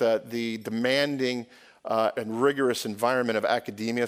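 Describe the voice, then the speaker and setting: A man from the United States preaching a sermon to his church, conversational, often asking the congregation questions and restarting phrases. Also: mid-range voice. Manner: conversational, self-correcting, asks the congregation questions. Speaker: pastor. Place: church sanctuary.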